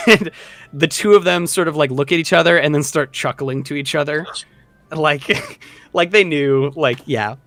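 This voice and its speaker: A man's voice: a little high, normal speed, a bit bright, no room sound. A man narrating a tabletop game as game master, casual and rambling with many fillers.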